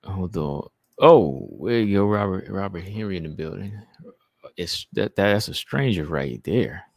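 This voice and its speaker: Low gravelly guy chatting on a stream, says man a lot, dry close mic. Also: expressive, a little slow, no room sound. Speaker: livestream host reading chat. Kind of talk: casual live-stream chat.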